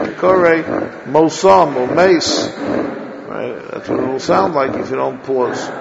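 A man giving a religious lecture to a class, sounding out Hebrew words slowly and repeating them to show how they should be said. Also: mid-range voice, creaky. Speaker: religious teacher. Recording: lo-fi echoey hall recording.

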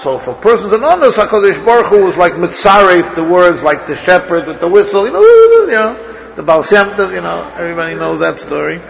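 A man's voice: high voice, very animated, a little fast, gravelly, muffled recording. A man teaching a Torah study class as a rabbi, thinking aloud, asking his students questions and restarting his sentences often.

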